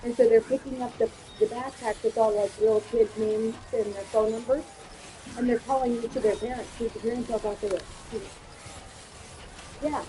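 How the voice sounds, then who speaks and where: High-voiced woman telling animated stories. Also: brisk, slight background noise, low-quality recording. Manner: animated storyteller, swears freely, acts out quotes. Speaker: streamer. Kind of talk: casual chat while gaming.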